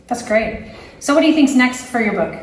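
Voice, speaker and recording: A woman's voice: on the high side, lively intonation, a little fast, reverberant, distant mic, slight background noise, rough recording. A woman interviewing an author in a casual chat, teasing him lightly between questions. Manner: teasing, frequent short backchannels.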